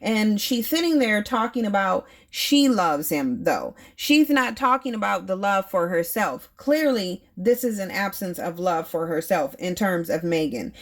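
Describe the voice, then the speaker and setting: A woman's voice: mid-range voice, expressive, measured pace, hardly any pauses. A woman in her thirties reviewing a reality TV show, talking bluntly and emphatically and asking her viewers rhetorical questions. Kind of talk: opinionated commentary.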